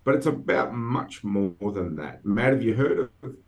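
A man's voice: on the low side, animated, normal speed. A man hosting a podcast in casual chat, wry and self-deprecating. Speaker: podcast host.

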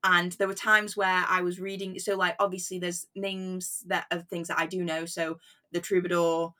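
A woman's voice: fairly low pitch, level tone, normal speed, sharp tone. A young woman in casual book chat as a podcast guest, chatty and self-deprecating.

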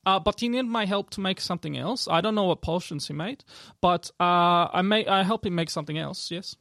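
A man's voice: high voice, a little fast, creaky, a bit bright, no room sound, clean studio sound, voice pushed up. A man doing a chirpy elf shopkeeper woman. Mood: cheery chat. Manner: chirpy and chatty, with little laughs.

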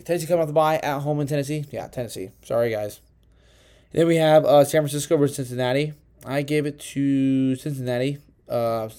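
Rambling, cursing young man with a mellow voice. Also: medium pitch. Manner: rambling, profane, self-correcting. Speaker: podcast host. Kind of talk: casual solo sports podcast. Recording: uneven home audio.

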